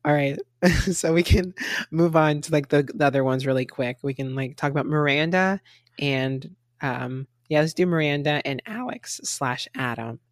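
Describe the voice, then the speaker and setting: With a fairly high voice at normal speed, this young podcast co-host rambles through a casual review of a reality show, leaning heavily on "like" and laughing frequently. The studio-quality recording has no room sound.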